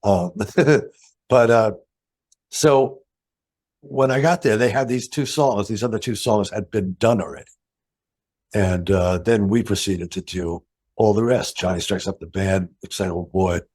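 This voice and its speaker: Older man telling lively studio stories. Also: unhurried, breathy edge. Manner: animated anecdotes, acts out quoted voices with a raised pitch. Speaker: guitarist, interview guest. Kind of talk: storytelling in an interview.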